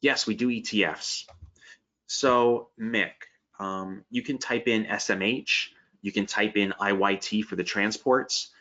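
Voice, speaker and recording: On dull lo-fi webinar audio, a man with a slight Pennsylvania Dutch accent delivers a live sales pitch and Q&A, chatting cheerfully and responding to viewers. His fairly low voice sounds pushed and bright, with a measured pace and fairly even intonation.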